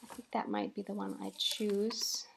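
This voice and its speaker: A woman calmly narrating a voiceover for her crafting video, explaining each step with light laughs. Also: medium pitch, normal speed, vocal fry, slight background noise. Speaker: craft channel host.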